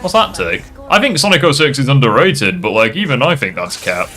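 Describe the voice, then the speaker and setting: A man's voice: medium pitch, very animated, a little fast, pushed and bright. A man streaming a game, joking and swearing in a casual chat with friends, often repeating phrases in teasing bursts.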